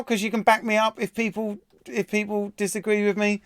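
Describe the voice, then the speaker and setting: A young man with a fairly high voice, rattling through quiz answers on a live stream from home. He talks in a chatty, irreverent way, swearing casually and restarting his sentences with plenty of "uh"s. The sound from his desk microphone is close and dry. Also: little pitch movement, fairly quick, a bit bright, no room sound. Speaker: quiz host. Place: at home, room near a kitchen.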